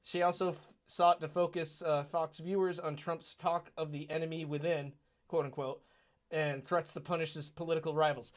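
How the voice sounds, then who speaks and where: A man's voice: fairly high pitch, little pitch movement, moderate pace. Man reading news quotes on a podcast. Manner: reads out news quotes, conversational. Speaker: podcast co-host. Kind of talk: casual political podcast chat.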